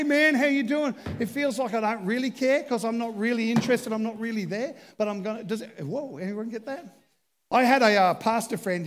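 A man's voice: extremely high pitch, big-room sound, slight background noise. A man preaching a humorous sermon as pastor, chatty and self-deprecating as he jokes with the congregation from a church stage.

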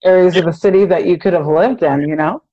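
A woman's voice: lowish voice, quick pace, dark tone, muffled recording. A young woman hosting a radio interview, asking questions in a friendly, reactive way. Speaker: radio host.

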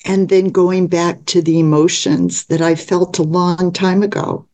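A woman in her seventies reading her own personal essay aloud, slowly and with small stumbles and restarts. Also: fairly low pitch, little pitch movement, a little mellow. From United States. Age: 70s.

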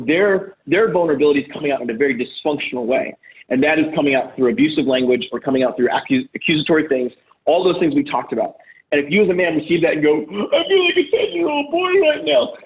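A man's voice: a little high, fast. A man coaching on relationships over a video call, blunt and profane, often acting out the voices he quotes. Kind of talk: casual advice talk on a call. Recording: tinny phone-like call audio.

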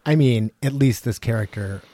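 A man's voice: medium pitch, normal speed, dark tone, no room sound. A man chatting casually on a podcast, joking and swearing freely. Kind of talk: casual chat.

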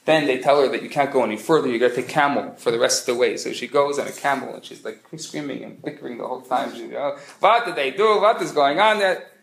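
A man who is a rabbi, giving a humorous lecture as an animated storyteller with quick joke delivery. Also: mid-range voice, creaky. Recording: echoey room.

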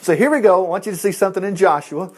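A man's voice: high voice, very fast. A male preacher giving a conversational sermon to a congregation in a room, acting out the voices he quotes. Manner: animated, acts out quoted voices.

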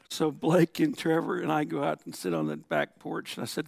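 A man's voice: on the high side, little pitch movement, fairly quick, creaky, few pauses, a little mellow, no room sound. A middle-aged man preaching a sermon to his congregation in a church, telling stories and acting out quotes. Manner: storytelling with laughs and acted-out quotes. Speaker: pastor.

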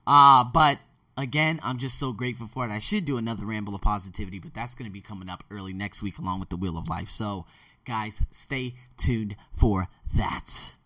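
Bright-voiced man giving a blunt pep talk. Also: medium pitch, no room sound, far from the mic. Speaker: podcast host. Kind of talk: motivational podcast monologue.

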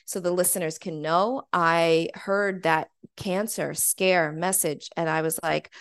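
A woman in her forties as a podcast guest, telling a personal story in an animated, chatty way, full of "like". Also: on the low side, measured pace, hardly any pauses, smooth, no echo. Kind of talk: conversational storytelling.

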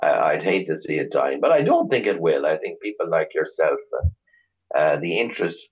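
A middle-aged man from Ireland, a chauffeur tour operator, is the guest in a casual interview chat. His extremely low, slightly rough voice is sing-song at a normal speed, with dull audio, and he rambles through stories, restarting often.

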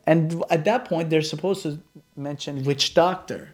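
A young man, a chiropractor, telling a personal story and acting out the quoted lines with big jumps in pitch. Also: normal speed, creaky, darkish tone.

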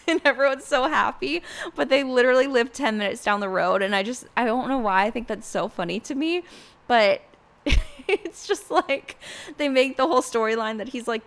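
A woman's voice: on the high side, smooth. A young adult woman hosting a casual solo podcast, talking in a chatty way full of "like" fillers and acting out quotes. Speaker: podcast host.

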